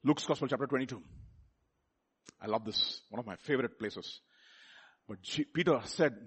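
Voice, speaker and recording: A man preaching a sermon, swinging from loud exclamations to soft asides and putting questions to his listeners. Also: mid-range voice, brisk, breathy edge.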